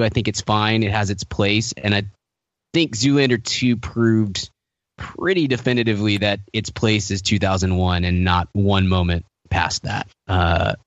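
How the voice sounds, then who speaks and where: A man's voice: on the low side, no echo. Wry, rambling podcast guy, lo-fi. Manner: wry, laughs often, rambling restarts. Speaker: podcast co-host. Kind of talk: casual chat.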